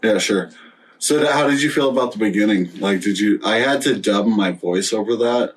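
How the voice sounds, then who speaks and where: A stoned man hosting a casual podcast chat, rambling and halting with many fillers. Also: fairly low pitch, far from the mic, slight background noise, rough recording. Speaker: podcast host.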